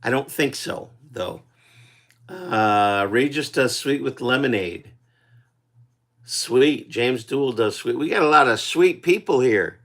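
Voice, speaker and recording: A man's voice: mid-range voice, lively intonation, slow pace, a bit bright. A man, a singer-songwriter, hosting his own live stream and chatting casually with viewers, teasing them playfully while reading out their comments.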